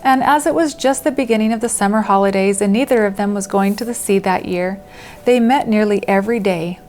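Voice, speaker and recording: A woman reads a classic children's story aloud at a middling pitch, pausing to explain words for young listeners. Soft music plays faintly beneath her voice. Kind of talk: reading a children's book aloud.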